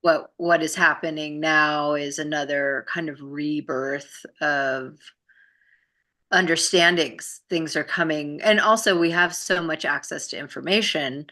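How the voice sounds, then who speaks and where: A woman's voice: sits low, unhurried, sharp tone. A woman guest in a casual spiritual conversation, speaking reflectively and laughing easily.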